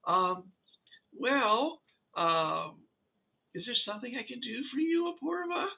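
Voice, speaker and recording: A man voicing a falsely gentle old female insect grandmother in a tabletop game, with a high, whistly, halting voice. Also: big pitch swings, creaky, heavily acted. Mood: gushing. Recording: tinny phone-like line.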